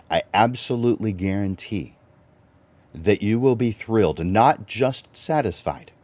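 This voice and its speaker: A very deep, mellow-toned middle-aged man who hosts a livestreamed coaching talk. He is animated and chuckles often, his pitch leaping upward whenever he stresses a point. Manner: animated, chuckling, swings up for emphasis. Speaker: host and photographer.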